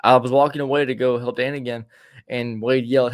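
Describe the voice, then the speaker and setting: A man's voice: mid-range voice, flat delivery, fairly quick, no room sound, clean studio sound. A man co-hosting a podcast, telling a rambling story in casual chat, with many stammers and restarts. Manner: rambling, stammering restarts, acts out quoted voices. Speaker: podcast co-host.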